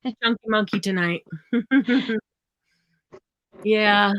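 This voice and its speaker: A woman's voice: medium pitch, extremely slow, no echo, dull audio. A woman hosts a casual live stream, her talk meandering and easy. The sound is dry and close, with no room around it. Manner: relaxed, rambling, warm sign-offs. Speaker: host of a live craft stream.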